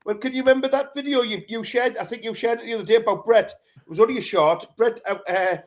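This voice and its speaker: Brief: man, high voice, co-host, crude laughing banter. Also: fast. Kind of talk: casual chat.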